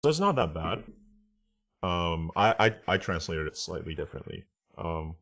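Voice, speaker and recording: Man, low voice, casual translation lesson, explains step by step, keeps asking "right?". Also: big pitch swings, normal speed, fairly bright tone. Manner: reads Japanese phrases aloud. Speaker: translation teacher.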